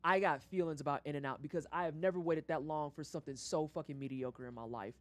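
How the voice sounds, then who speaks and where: A woman's voice: sits low, quick pace, no room sound, faint music behind. A woman from St. Louis streaming a game, ranting casually with lots of swearing. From St. Louis, USA. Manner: animated, profane, ranting. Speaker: livestreamer. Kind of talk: casual rant on a gaming stream.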